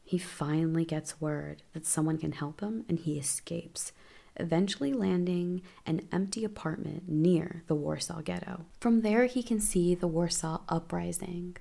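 Woman with a lowish gravelly voice, chatty film recap, offhand asides. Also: unhurried, warm tone. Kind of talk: casual spoken film recap.

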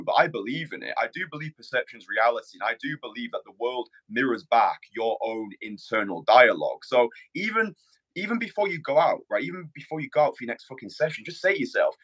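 A man's voice: mid-range voice, fairly bright tone, slightly rough. Dating coach guy on a podcast, mid voice, blunt, swears, lots of "like" and restarts. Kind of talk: casual podcast chat.

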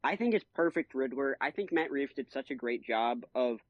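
A man's voice: mid-range voice, animated, normal speed, no room sound. An enthusiastic man chats on a podcast with plenty of slang. He keeps slipping into other voices to act out quotes. His sound is dry and a little muffled, like a cheap lo-fi mic. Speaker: podcast co-host. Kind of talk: casual podcast chat.

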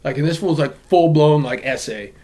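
A young man from Southern California, co-hosting a podcast and telling stories in casual chat, animated and profane. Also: a little high, moderate pace, crowd noise. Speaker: podcast co-host.

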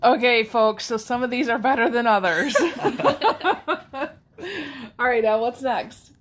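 A woman's voice: a little high, animated, takes it slowly, a bit bright. A middle-aged woman hosting a casual video, cheerful and encouraging, laughing often between lines. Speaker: host. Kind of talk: casual upbeat video intro.

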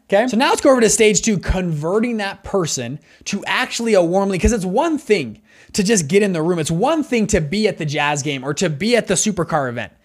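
A young man running an investment fund, giving an upbeat, conversational lesson on raising money and acting out the dialogue he quotes. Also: fairly high pitch. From Salt Lake City, Utah. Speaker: investor and fund manager teaching fundraising. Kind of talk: energetic instructional talk to camera.

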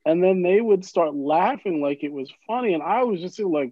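A man's voice: sits high, expressive, moderate pace, dry recording, highs cut off. A man in casual podcast conversation, rambling and searching for words, swearing at times. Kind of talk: casual chat.

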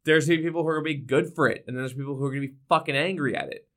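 A young man co-hosting a podcast in casual chat, animated and ranting, with frequent swearing. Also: on the high side, very fast. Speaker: podcast co-host.

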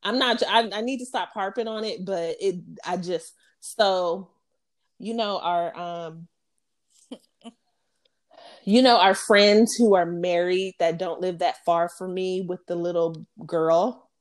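A woman's voice: on the low side, steady tone, slow. A woman in her thirties, co-hosting a podcast, chatting candidly and telling stories with lots of laughter and acted-out quotes. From Western Washington. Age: 30s. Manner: chatty storyteller, laughs often, acts out quotes. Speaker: podcast co-host. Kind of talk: candid casual chat.

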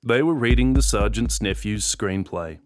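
A man reading a novel-length audio story as narrator, measured and dry. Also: fairly low pitch. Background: guitar music.

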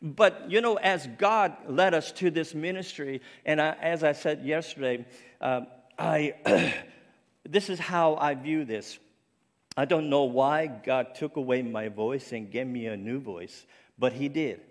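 A man's voice: fairly high pitch, measured pace. A middle-aged man from Cape Breton Island preaching an earnest, personal sermon, his speech faintly French-sounding after a stroke, with some restarts. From Cape Breton Island, Canada. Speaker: ministry speaker. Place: church sanctuary. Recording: long reverb of a large church.

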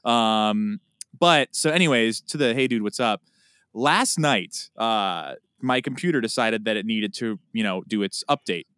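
A man co-hosting a podcast in casual chat, telling stories with loud acted-out outbursts. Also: fairly low pitch, expressive, measured pace, smooth, dry recording, studio quality. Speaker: podcast co-host.

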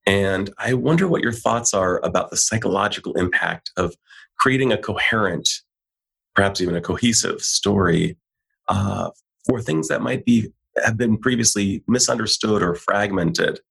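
A man hosting a podcast, asking thoughtful, measured questions in a low voice. His tone is gravelly, with a husky edge. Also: fairly bright tone. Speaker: podcast host. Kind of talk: conversational podcast interview.

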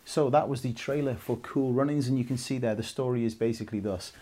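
A man's voice: mid-range voice, fast, music in the background. A Welsh man in his thirties co-hosting a casual film podcast, chatty and rambling, laughing often. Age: 30s. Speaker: podcast co-host.

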